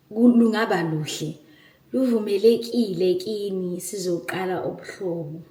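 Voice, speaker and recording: An excitable young South African woman talks casually to her viewers, emotional and quick to laugh. She sits some way from the microphone, and the room around her rings with echo. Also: mid-range voice. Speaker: vlogger. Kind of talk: casual vlog, switching between English and isiZulu. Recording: echoey room, far from the mic.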